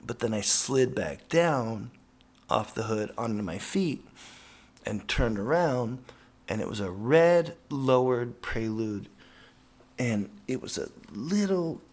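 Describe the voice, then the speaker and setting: A professional skateboarder telling a casual, profane, rambling story with lots of fillers. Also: male voice, mid-range voice, animated, slow pace, a little mellow.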